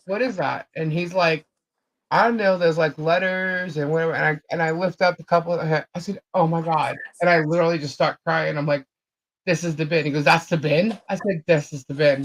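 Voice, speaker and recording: A woman's voice: on the low side, a little fast, rough recording. A woman co-hosting a live chat show, telling a long story in a rambling way, full of fillers and repeated phrases.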